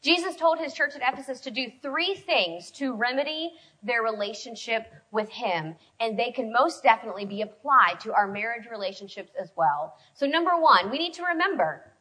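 Woman preacher, chatty storytelling sermon, bright and fairly high. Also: animated, poor audio. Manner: conversational and storytelling, quick shifts in loudness. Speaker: preacher speaking to a women's group.

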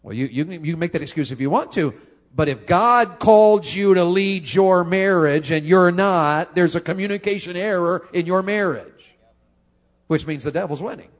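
Male pastor, folksy sermon, somewhat high voice, swings up high for emphasis. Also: normal speed. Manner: folksy, repeats words, rises high for emphasis.

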